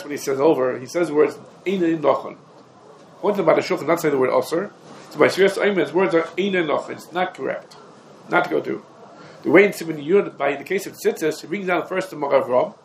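A man teaching a Torah class, talking quickly and emphatically, his explanations dense with Hebrew and Aramaic legal terms. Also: on the high side, a little hiss or hum, poor audio. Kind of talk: rapid halachic lecture.

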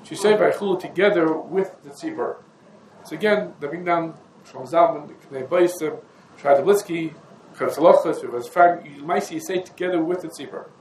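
A man's voice: a little high, a little fast, darkish tone. A man giving a halachic lesson, talking through the sources in a meandering, conversational way and mixing in Hebrew and Yiddish terms. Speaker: Torah teacher. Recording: echoey room with faint ambient noise.

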